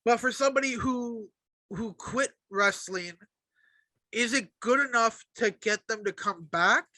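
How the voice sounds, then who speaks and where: A man's voice: very high voice, a little slow, bright, forceful tone, no room sound. A man co-hosting a podcast, ranting heatedly and swearing freely in casual wrestling talk. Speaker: podcast co-host.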